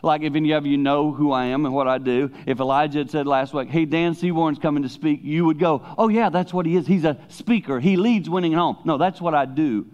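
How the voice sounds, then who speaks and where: A man's voice: fairly high pitch, fairly quick, hardly any pauses, muffled recording. Middle-aged man preaching a storytelling sermon. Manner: conversational storytelling preaching, dropping to hushed tones for emphasis. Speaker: pastor and speaker.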